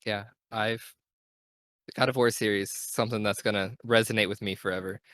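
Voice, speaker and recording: A man's voice: on the low side, fairly even intonation, brisk, a bit bright. A young man hosting a casual gaming podcast, talking in an enthusiastic, rambling way and correcting himself as he goes. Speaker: podcast host.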